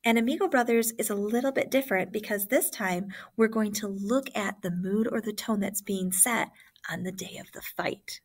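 A woman's voice: medium pitch, moderate pace. Woman teacher explaining a lesson. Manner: explanatory, walking students through examples. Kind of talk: online classroom lesson.

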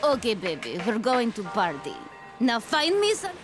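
A woman's voice: fairly high pitch, wildly swooping pitch, normal speed. Svetlana, drunk Russian party girl. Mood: tipsy sing-song. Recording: game audio with music behind.

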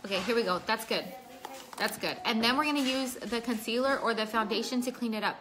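A woman's voice: fairly high pitch, fairly quick, noisy background. Chatty woman doing a makeup livestream. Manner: chatty, reads out viewer names while working. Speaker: makeup vlogger. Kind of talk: casual livestream makeup tutorial. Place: home.

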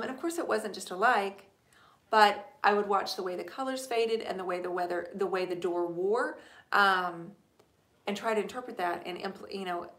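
Chatty woman live-streaming from an echoey room. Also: medium pitch. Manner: chatty and warm, thanks viewers by name. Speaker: furniture painter hosting a live stream. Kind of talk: casual live-stream chat answering viewer questions.

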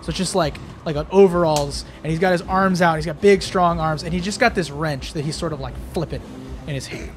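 A man's voice: on the high side, brisk. A man narrating a tabletop game as game master, rambling with many fillers.

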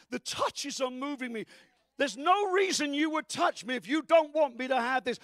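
A man preaching with great fervor, his voice sitting very high and rising into shouts to drive his points home. The sound is close and dry, with no room echo. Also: moderate pace. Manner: fervent preaching that breaks into shouts. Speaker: pastor. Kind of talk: sermon.

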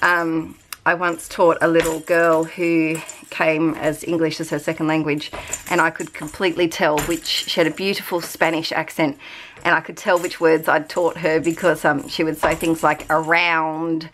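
Lower-voiced Australian woman, rambly chat. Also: little pitch movement, moderate pace, a bit bright, slight background noise. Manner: rambly, chatty. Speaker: craft vlogger. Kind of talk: casual chat. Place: at home.

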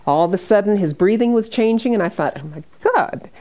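A woman's voice: mid-range voice, expressive, fairly quick. An older American woman, a hospice nurse, telling stories from her work to a small group and acting out the people she quotes. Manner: warm anecdotal storytelling with quoted dialogue. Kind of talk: storytelling presentation.

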